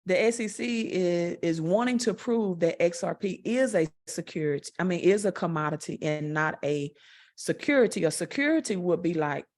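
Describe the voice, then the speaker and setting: A woman with a Southern US accent answering interview questions in a direct, confident way, talking slowly with many fillers. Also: lowish voice, expressive, darkish tone. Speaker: guest, network marketer.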